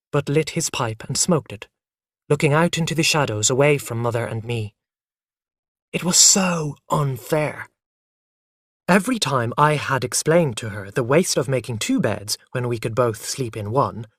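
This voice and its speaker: Lively, expressive storybook narrator. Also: mid-range voice, dry recording, studio quality. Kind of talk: storybook narration for English learners.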